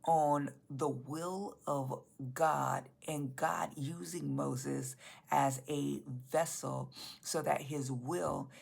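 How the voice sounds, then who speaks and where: A woman's voice: sits low, steady tone, extremely slow, creaky, darkish tone, slightly rough. A woman pastor preaching a sermon to her church in an earnest, emphatic way, repeating key phrases.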